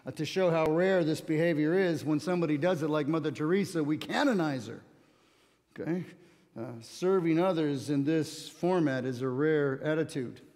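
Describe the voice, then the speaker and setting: A man preaches as a pastor, reading scripture and telling stories in a plain way with gentle humor. He talks at a normal speed in a somewhat high, slightly mellow voice, and the church sanctuary gives a long hall reverb.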